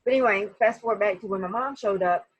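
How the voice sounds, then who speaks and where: Husky woman telling a story. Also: mid-range voice, quick pace, no echo, dull audio. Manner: animated, talks straight to viewers. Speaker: vlogger telling a personal story. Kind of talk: casual storytelling to viewers.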